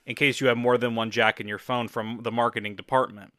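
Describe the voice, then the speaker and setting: A man narrates an improvised comedy scene in a bright, sharp voice. He talks loosely and casually, with plenty of fillers. The sound is dry and close. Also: mid-range voice, steady tone, brisk, no room sound.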